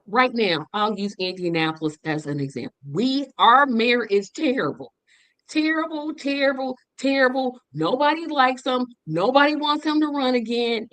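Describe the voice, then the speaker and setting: A woman's voice: a little high, a bit bright, no room sound, poor audio. A woman in a political discussion, speaking emphatically and repeating words for force.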